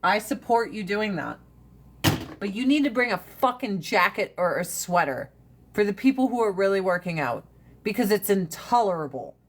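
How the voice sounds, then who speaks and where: A woman's voice: medium pitch, lively intonation, moderate pace, slight background noise. A woman hosting a casual livestream chat, blunt and profane, rambling from one rant to the next. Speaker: livestream host.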